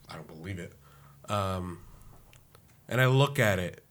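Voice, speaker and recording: A man's voice: sits low, lively intonation, a little slow, fairly bright tone. A man playing a tabletop game, describing his character's actions in a joking, laughing way. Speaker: player. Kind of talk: tabletop role-play.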